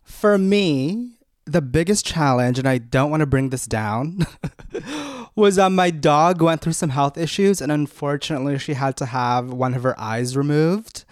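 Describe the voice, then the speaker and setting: A man's voice: on the high side, animated, unhurried, no room sound. Earnest man chatting, dry close sound. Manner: earnest, open, lots of "like". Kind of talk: casual podcast chat.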